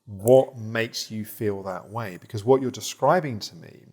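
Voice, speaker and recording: Man, therapist, calm, reflective, explanatory. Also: lowish voice, measured pace. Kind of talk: therapy session guidance.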